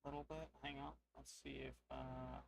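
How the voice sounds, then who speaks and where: A man's voice: mid-range voice, little pitch movement, normal speed, creaky, a little hiss or hum. A man streaming a solo tabletop game, narrating casually and thinking aloud to his chat.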